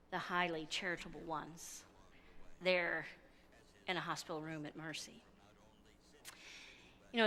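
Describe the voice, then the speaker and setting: A woman pastor preaches with a bright, forceful voice that rings through a church sanctuary with a long reverb. She tells her story in a lively, conversational way, moving easily between narration and quoted speech. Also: fairly low pitch. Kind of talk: sermon.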